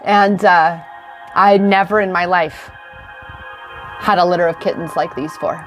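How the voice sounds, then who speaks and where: A woman's voice: fairly low pitch, steady tone, measured pace, soft background music. A woman in her forties, an intuitive coach, giving a heartfelt, affirming card reading on a livestream. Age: 40s. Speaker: intuitive coach and tarot reader. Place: indoors in front of a camera.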